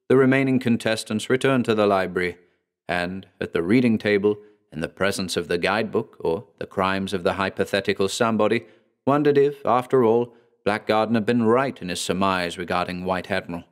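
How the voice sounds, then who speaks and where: A man narrating a horror story in a measured, dramatic storytelling manner. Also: lowish voice.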